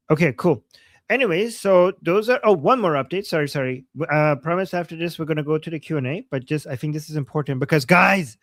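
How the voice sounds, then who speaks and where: On a live political stream, a male co-host with a slightly high voice offers sarcastic commentary full of theatrical mockery. He laughs often, and the dry recording has studio quality.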